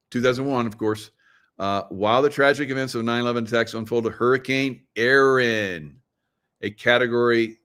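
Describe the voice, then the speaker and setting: A man's voice: mid-range voice, fairly bright tone. A middle-aged man with a mid-range voice hosts a loose livestream monologue. He leans conspiratorial and keeps firing questions at his audience, and he chuckles at his own asides as he goes. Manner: conspiratorial, joking asides, laughs at own lines; talks straight to viewers, asks them questions. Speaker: show host.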